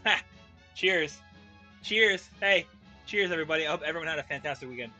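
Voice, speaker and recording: A man's voice: on the high side, expressive, a little fast, sharp tone, soft background music. A man streaming a game live, frustrated and swearing as he rants about the gameplay.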